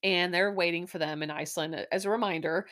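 Young woman podcast host from Missouri, slightly low voice, chatty and rambling with plenty of fillers. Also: steady tone, fast talker, a bit bright. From Missouri, USA. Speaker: podcast host recapping a reality show. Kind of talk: casual chat.

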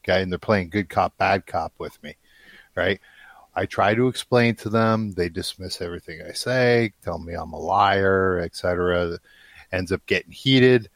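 Low-voiced man with a blunt, angry telling. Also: moderate pace, fairly bright tone, no echo. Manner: angry, swears constantly, blunt. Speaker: guest telling a story. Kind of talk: casual profane storytelling.

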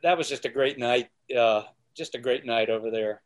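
This man, a guest on a podcast, has a mid-range voice and a moderate pace. He tells stories conversationally, performing the quotes of the people in them and singing bits here and there.

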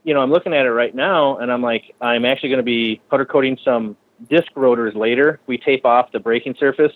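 A man from the Minneapolis area who runs a shop and builds bikes, talking casually and with lots of swearing, often acting out other people's lines in a higher voice. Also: brisk, phone-quality sound. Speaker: shop owner and bike builder. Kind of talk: casual podcast conversation.

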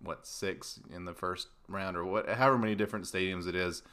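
A man's voice: sits low, steady tone, a little fast, sharp tone, smooth. A man hosting a casual sports podcast, laughing often and rambling loosely. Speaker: podcast host.

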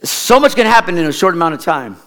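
A middle-aged man preaching a sermon as a pastor, telling a folksy, rambling childhood story in an animated way. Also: on the high side, quick pace.

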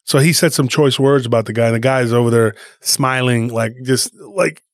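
Male podcast co-host, rambling animated storyteller, dry close sound. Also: mid-range voice, moderate pace, no echo. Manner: rambling, animated retelling with frequent restarts.

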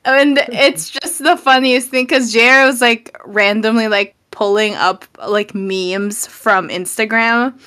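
A young woman chatting casually as co-host, giggly and rambling, full of filler words. Her voice is bright and tense and sits a touch high. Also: steady tone, measured pace, few pauses, clean tone. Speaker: podcast co-host. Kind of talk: casual chat.

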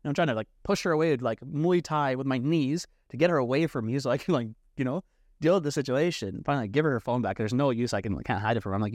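A man telling a wild personal story as a podcast guest, animated and profane, leaning on "like" a lot. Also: medium pitch, fast, no echo, clean studio sound. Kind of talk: casual storytelling.

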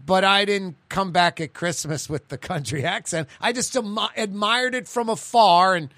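A man's voice: high-pitched, normal speed, a bit bright, no room sound. A man with a New Orleans accent hosting a radio talk show, rambling through stories and news. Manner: rambling, chatty, digressive. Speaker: radio host.

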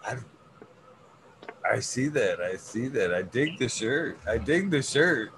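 A man's voice: medium pitch, sing-song, slow. Laid-back swearing middle-aged man, noisy room. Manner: laid-back, swears a lot, laughs often. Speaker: podcast co-host. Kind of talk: casual chat.

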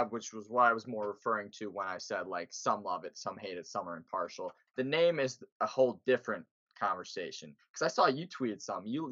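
Bright-voiced man in casual sports chat. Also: fairly low pitch, no room sound. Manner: animated, rising emphatic questions. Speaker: podcast co-host. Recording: dull lo-fi sound.

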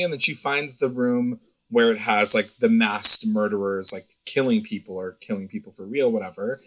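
A young man with a very bright, sharp-edged voice talks through a TV episode in loose, casual chat. He rambles, piles up fillers and slips into quick quoted voices of the characters. His pitch sits at a middle level. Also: rough recording. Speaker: co-host recapping a TV episode.

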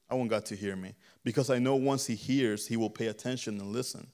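A man's voice: medium pitch, fairly even intonation, fairly quick, a little mellow. Preacher man with a fading, strained voice. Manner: fervent, repetitive preaching cadence. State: voice giving out. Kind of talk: sermon and closing prayer. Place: church.

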